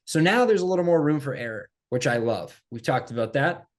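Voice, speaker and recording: A man in casual sports-podcast chat, mid-pitched and lively. He talks emphatically and keeps repeating his points for effect. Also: brisk. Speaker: podcast co-host.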